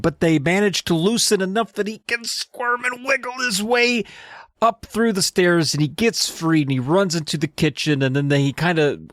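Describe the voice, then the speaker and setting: A man co-hosting a podcast, casually recapping a book in an animated way, slipping into quick character voices. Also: a little high, no room sound, studio quality. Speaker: podcast co-host.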